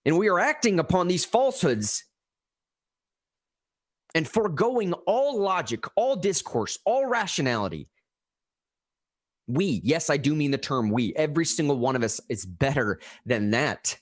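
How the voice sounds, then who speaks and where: A man co-hosting a political podcast, talking emotionally and quickly with many restarts. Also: fairly high pitch, sing-song, no echo, clean studio sound. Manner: emotional, fast, rambling with restarts. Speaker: podcast co-host. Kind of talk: impassioned political commentary.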